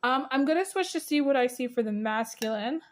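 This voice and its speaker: A woman's voice: high voice, lively intonation, fairly quick, a little hiss or hum. A woman giving a casual spiritual tea reading, rambling with many fillers and breaking into giggles. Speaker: tea leaf reader.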